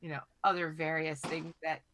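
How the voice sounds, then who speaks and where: A woman in her thirties, hoarse from a cold, chatting as a podcast co-host and telling rambling, profane stories. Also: deep voice, little pitch movement, moderate pace, a bit bright, slight background noise. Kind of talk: casual chat.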